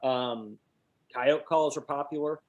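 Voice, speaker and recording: A man, teaching a webinar and telling hunting stories, now and then hooting owl calls out loud. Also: mid-range voice, takes it slowly, muffled recording. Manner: animated storyteller, hoots owl calls with his voice. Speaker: guest instructor, call maker.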